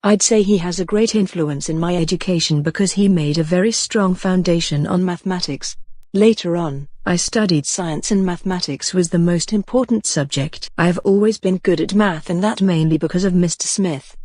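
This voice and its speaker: A speaker reading a scripted sample long answer as an exam candidate, in a steady, even recitation. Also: medium pitch, moderate pace, no room sound.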